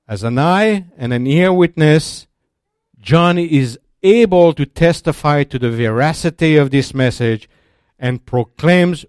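A man teaching a sermon in a slow, deliberate, emphatic way, restarting his phrases often. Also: mid-range voice, a little mellow, no room sound, clean studio sound. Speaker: Bible teacher.

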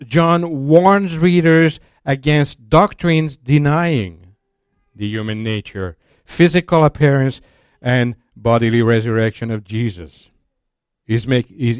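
A man teaching a sermon in a slow, deliberate, emphatic way, restarting his phrases often. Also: on the high side, darkish tone, clear, resonant tone, no echo, clean studio sound. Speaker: Bible teacher.

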